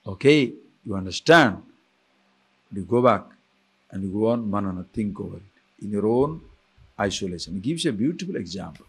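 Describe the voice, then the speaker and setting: A man's voice: on the low side, lively intonation, normal speed, gravelly, long pauses, husky. A man giving a scripture lecture as a spiritual teacher, telling stories full of rhetorical questions.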